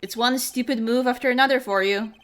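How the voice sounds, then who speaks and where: A woman's voice: on the high side, steady tone, brisk, fairly bright tone, close to an everyday voice. A woman voicing an earnest young male defense lawyer, reading game dialogue aloud in a stern, scolding way.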